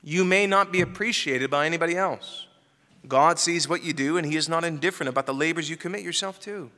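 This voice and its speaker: A man delivers a sermon in a bright, ringing voice, pitched fairly high for a man. He preaches emphatically, pressing his listeners with rhetorical questions. His voice carries a long reverb from a large church hall. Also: fairly quick. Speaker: pastor.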